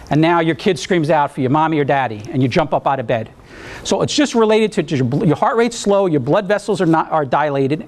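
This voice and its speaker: A man from New teaching an EMT class, explaining in a conversational way, telling anecdotes and asking the room questions. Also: on the high side. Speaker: EMT instructor. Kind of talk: classroom lecture.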